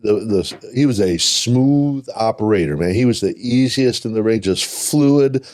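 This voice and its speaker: An older man from Minnesota, a podcast guest telling stories in a casual, animated way, often repeating words and laughing. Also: fairly low pitch, unhurried. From Minnesota, USA. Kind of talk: casual storytelling interview.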